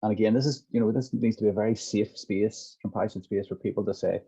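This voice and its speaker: A man's voice: on the low side, steady tone, fast, hardly any pauses, dark tone, breathy edge. A middle-aged man as an interview guest, reflectively walking through examples of how a practitioner works with someone's anger. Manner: reflective, walks through examples with hypothetical dialogue. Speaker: guest, compassionate inquiry practitioner. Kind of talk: explanatory interview talk. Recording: dull lo-fi audio.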